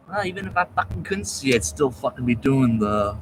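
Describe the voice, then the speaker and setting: A man in a rambling, profane monologue that jumps between topics, swinging from low muttering to loud outbursts. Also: very animated, brisk, hardly any pauses, slight background noise, poor audio.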